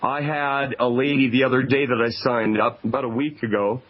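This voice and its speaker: A man's voice: mid-range voice, steady tone. A man from Canada hosting a call-in radio talk show, talking in a conversational, emphatic way. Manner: conversational, emphatic, repeats phone numbers slowly. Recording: dull lo-fi radio broadcast.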